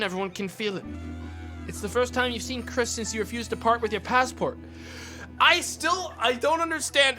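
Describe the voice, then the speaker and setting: A man's voice: extremely high pitch, sharp tone. A man streaming a narrative game, reading its narration aloud and ranting profanely at it between lines. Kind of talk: casual let's play commentary.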